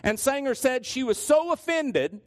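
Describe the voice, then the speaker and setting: A man's voice: extremely high pitch, lively intonation, measured pace. A male pastor preaching a sermon, telling stories and often restarting his phrases. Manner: storytelling with frequent restarts.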